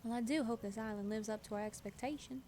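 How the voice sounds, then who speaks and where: A woman's voice: fairly high pitch, quick pace, dark tone, a little hiss or hum, lightly acted. A woman doing a sweet Southern villager. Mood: gracious, charmed. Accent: Southern US, New Orleans style. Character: genteel female villager from a cozy game.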